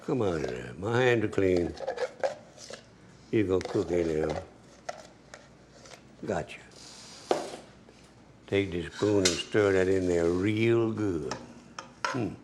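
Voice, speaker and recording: A man's voice: sits low, lively intonation, slow, long pauses, background noise. A man giving a cooking demonstration as a home cook, folksy and chatty, talking straight to the viewer.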